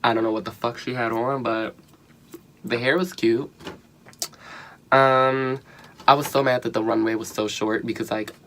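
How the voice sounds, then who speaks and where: Animated young man ranting a casual review. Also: mid-range voice, moderate pace, pauses often, slight background noise. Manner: animated, profane, slang-heavy, bursts into laughter. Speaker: vlogger reviewing a reality show.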